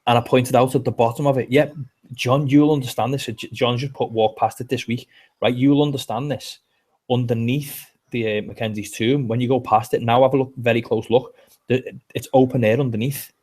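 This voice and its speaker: A man's voice: medium pitch, fairly even intonation, normal speed, a little mellow. Chatty Liverpool man telling stories. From England. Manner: chatty storyteller, rambling with restarts. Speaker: podcast co-host. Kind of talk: casual chat.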